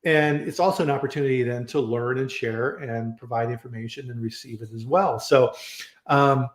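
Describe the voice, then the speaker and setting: A man's voice: mid-range voice, steady tone, moderate pace. A man hosting a live online chat, talking casually and rambling with restarts and fillers. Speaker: host of a live online food safety chat. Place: home in Colorado. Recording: roomy echo.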